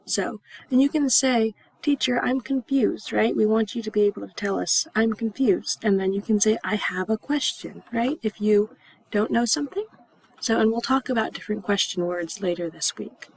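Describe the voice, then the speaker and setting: A young woman teaching English to adult learners, speaking slowly and clearly and acting out example phrases with gasps and whispers. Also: mid-range voice, no echo, low-quality recording. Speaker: ESL teacher. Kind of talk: slow, clearly enunciated classroom instruction.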